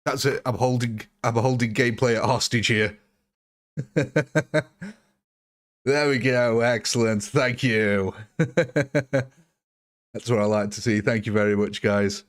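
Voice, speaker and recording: A man hosts a live game stream in a relaxed, chatty way. He jokes and answers viewers one by one by name. His voice sits at an ordinary middle pitch. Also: slow, pauses often. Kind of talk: live gameplay commentary answering chat.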